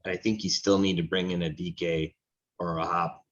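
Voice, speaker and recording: A man's voice: deep voice, flat delivery, normal speed, dull audio. A man co-hosting a soccer talk show, giving frank, opinionated takes in a rambling casual way. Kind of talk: casual sports chat.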